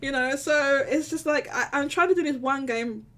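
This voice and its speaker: A woman's voice: high-pitched, normal speed, a bit bright, far from the mic. A woman hosting a casual call-in stream, laughing often and restarting her sentences. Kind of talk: casual chat.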